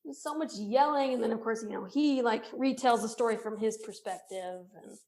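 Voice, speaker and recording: A woman's voice: a little high, moderate pace. A woman guest on a podcast, telling a story casually with lots of laughter and filler words. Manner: animated, laughs often, many "like" fillers. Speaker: podcast guest, thru-hiker.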